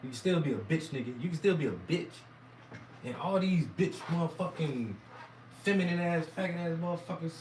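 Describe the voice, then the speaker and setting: Hoarse man ranting crudely. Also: on the high side, expressive, a little fast, a little mellow, reverberant, distant mic, a little hiss or hum, rough recording. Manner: rambling, crude, mocking rant. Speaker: commentator reacting to debate clips. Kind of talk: profane reaction commentary.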